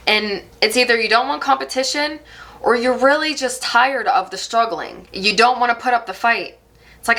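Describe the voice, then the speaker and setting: A woman reads tarot for her viewers in a soft, reflective voice. Her tone is bright and clear, and she speaks in a reassuring way, at times slowing her words down. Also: mid-range voice. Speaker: tarot reader. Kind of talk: channeled tarot reading.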